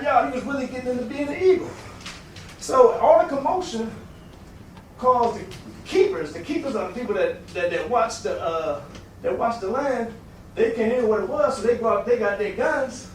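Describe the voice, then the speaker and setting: A man tells a story in a loose, casual way, lifting his pitch sharply and shouting when he acts out the characters. He sounds distant from the mic in a heavily echoing room. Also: a little hiss or hum. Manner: animated, acts out quotes with big pitch jumps and shouts. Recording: very echoey room, recorded from a distance.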